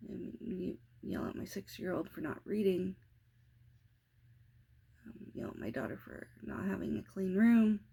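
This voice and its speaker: A woman's voice: mid-range voice, expressive, a little slow, creaky, pauses often, mellow, breathy edge. A woman in her thirties, a mother talking through her day in a rambling, self-reflective vlog with many restarts. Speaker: parenting vlogger. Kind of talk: casual confessional vlog.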